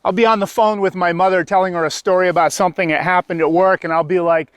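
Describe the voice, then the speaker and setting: A male stand-up comedian with a high voice tells a rambling story, jumping into the voices of the people in it. The sound is dry and close, with no room around it. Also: steady tone, quick pace, clear, resonant tone, no room sound. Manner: acts out characters with sudden high-pitched voices.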